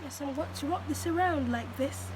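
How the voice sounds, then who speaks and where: A woman's voice: sits high, normal speed, background noise. A young woman, chatting playfully and joking through a hair tutorial. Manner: playful, jokey, laughs often. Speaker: vlogger. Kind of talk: casual hair tutorial chat.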